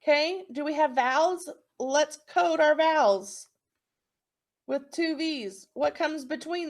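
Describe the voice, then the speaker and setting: A female teacher with a voice that sits high leads a recorded phonics lesson for small children. She offers encouragement and slowly sounds out each word.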